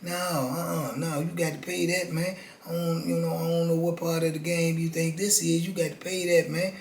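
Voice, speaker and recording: Man voicing older male convict, low raspy murmur, hushed and soft, slightly raised pitch, roomy echo. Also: little pitch movement, moderate pace, a little hiss or hum. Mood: menacing. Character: older male inmate, menacing and smooth.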